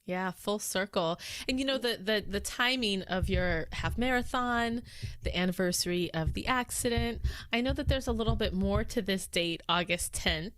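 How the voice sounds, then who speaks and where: A woman hosting a podcast interview, listening closely with frequent affirmations and asking gentle follow-up questions. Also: mid-range voice, no echo. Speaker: podcast host. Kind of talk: casual interview.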